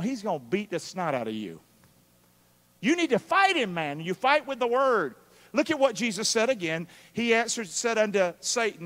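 A man preaching a live sermon, calling out for responses from the congregation and swinging between loud and hushed. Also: sits high, animated, a little fast. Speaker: pastor. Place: church sanctuary during a live service. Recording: long hall reverb of a church.

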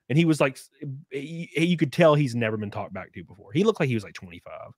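A man chatting casually on a podcast, swearing often and winding through his story with lots of fillers and restarts. His voice sits at an ordinary middle pitch. It is recorded dry and close, with no room sound. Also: sing-song, fast talker, no room sound. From US South. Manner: profane, rambling storytelling with frequent fillers. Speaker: podcast host. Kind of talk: casual chat.

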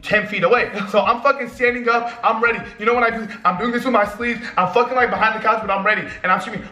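Excitable young man telling a wild story. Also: high voice, quick pace, few pauses, reverberant. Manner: excitable, swears a lot, acts out his own shouts. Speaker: vlogger. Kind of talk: animated storytelling.

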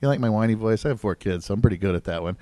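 A man preaching as pastor in a church service, conversational and joking, with asides to the congregation and wide swings between loud emphasis and low asides. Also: very fast, no echo. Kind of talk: sermon. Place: church sanctuary.

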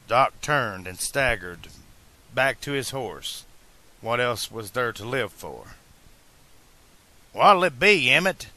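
A man narrating a fan-made audiobook in a measured storytelling manner. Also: mid-range voice, pushed and bright.

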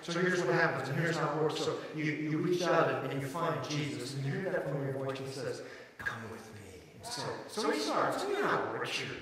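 A middle-aged man preaching a sermon as a pastor, telling stories dramatically and swinging from hushed passages to shouted peaks. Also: fairly high pitch, big pitch swings, fast talker, hardly any pauses. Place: large church auditorium. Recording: echoey hall from far off with crowd.

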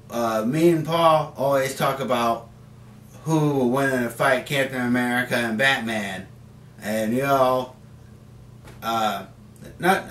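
A man hosting a homemade comic show, excitedly acting out a superhero fight with laughs. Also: medium pitch, reverberant, far from the mic, slight background noise, low-quality recording. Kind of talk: excited toy fight play-by-play. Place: basement at home. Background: music playing.

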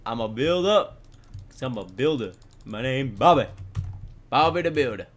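A young man hosting a gaming video, casually commenting on his own play and yelling at setbacks. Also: mid-range voice, normal speed. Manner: excitable, yells and laughs at setbacks. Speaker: gaming channel host.

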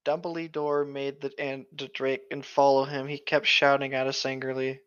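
A woman co-hosting a comedy podcast, playful and quick with short quips. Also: very deep voice, level tone, smooth, lo-fi sound. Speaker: podcast co-host. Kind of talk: comedic read-along banter.

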